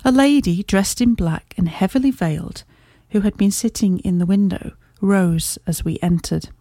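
Reading scripted narration of a classic detective story, a woman audiobook narrator keeps a measured, even delivery. Her voice sits at medium pitch with a warm, mellow tone, recorded close and dry without any room sound.

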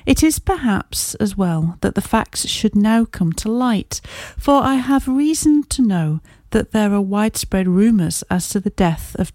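A woman narrates a classic detective tale in a measured, even storytelling voice. Her tone is warm and mellow. The recording is close and dry, with no room sound. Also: medium pitch, dry recording. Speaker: audiobook narrator. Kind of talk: scripted narration.

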